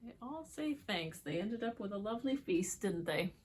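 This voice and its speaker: A woman reading picture books aloud to children, expressive, with chatty asides to her young viewers. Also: mid-range voice, moderate pace, slight background noise. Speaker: children's book reader. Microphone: holds book up to camera.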